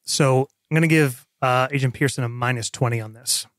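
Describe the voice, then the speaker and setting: A man's voice: mid-range voice, brisk, fairly bright tone, no room sound, clean studio sound. A man running a tabletop role-playing game as game master, explaining the rules plainly.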